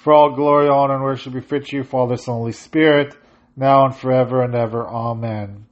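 A man's voice: medium pitch, steady tone, fairly quick. A man leading a prayer service, chanting and intoning the prayers, with short plain-spoken asides between them. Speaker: prayer leader. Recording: slightly dull lo-fi audio.

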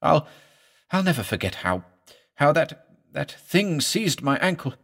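A man's voice: a little high, sing-song, measured pace, gravelly, a bit bright, voice pushed up, heavily acted. A man voicing a terrified female chief nurse who speaks in a faltering, tearful way.

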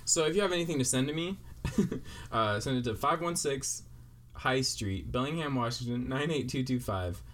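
A young man co-hosting a podcast in an easygoing, casual chat, making deadpan jokes. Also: medium pitch, moderate pace. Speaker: podcast co-host.

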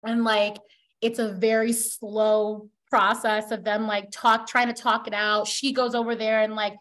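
A young woman on a book club podcast, casually retelling a novel's plot in an animated way and dropping "like" all through her talk. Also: medium pitch, measured pace. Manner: animated storyteller who acts out characters' lines; heavy use of "like" as a filler.

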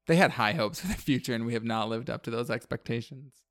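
A man's voice: mid-range voice, fast talker, a bit bright, dry recording, studio quality. A man on a podcast casually recapping a horror movie plot, rambling with lots of fillers and wry asides. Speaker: podcast co-host.

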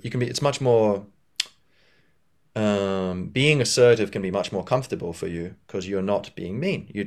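A man with a fairly low voice hosts a solo podcast. He rambles casually, circling his points with frequent fillers and restarts. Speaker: podcast host.

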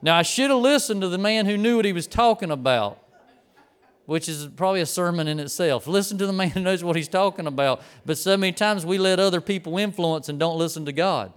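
Middle-aged male preacher, animated storyteller with a smooth, fairly high voice. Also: fairly quick. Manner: animated storyteller, acts out the people in his story. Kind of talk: storytelling sermon.

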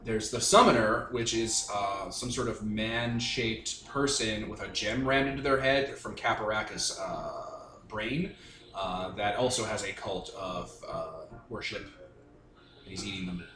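A man's voice: fairly low pitch, unhurried, reverberant, background noise. A man narrating as game master, rambling through descriptions with lots of fillers.

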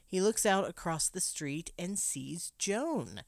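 A woman's voice: fairly low pitch, big pitch swings, takes it slowly, gravelly, no echo, studio quality. A woman recapping a film plot for a podcast, telling the story with joking asides. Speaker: podcast co-host. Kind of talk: movie plot recap and casual chat.

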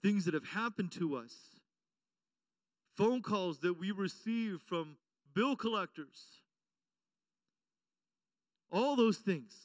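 A man with a high, expressive voice preaches in church at a slow pace, pausing often; he is far from the mic and there's no room sound. His sermon is forceful and repetitive, punctuated by call-and-response questions to the congregation.

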